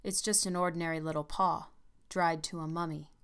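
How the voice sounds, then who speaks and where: A woman's voice: low voice, steady tone, a little fast, a bit bright, clear, resonant tone. A woman reading as a grave older male soldier who gives solemn warnings.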